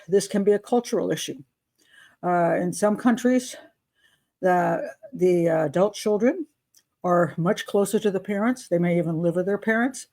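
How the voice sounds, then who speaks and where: Fairly low and darkish, the voice belongs to an older American woman who hosts an advice show. Her casual advice monologue comes across as unscripted chat, peppered with asides.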